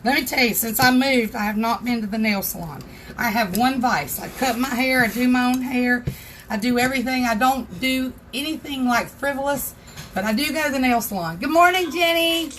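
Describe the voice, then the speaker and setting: A woman's voice: fairly high pitch, normal speed, a bit bright, a little hiss or hum. A woman hosting a casual craft tutorial livestream from her home craft room, chatting and greeting viewers by name.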